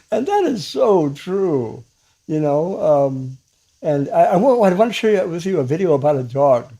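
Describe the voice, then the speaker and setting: A man giving a casual spiritual talk to camera as a Christian teacher, halting with many fillers and restarts and soft chuckles. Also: a little high.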